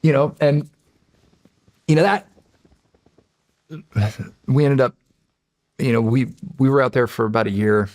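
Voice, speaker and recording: Gravelly-voiced man telling war stories. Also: on the low side, no echo. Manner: swears freely, acts out others' lines, laughs often. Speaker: podcast guest, former Navy SEAL. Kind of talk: casual storytelling.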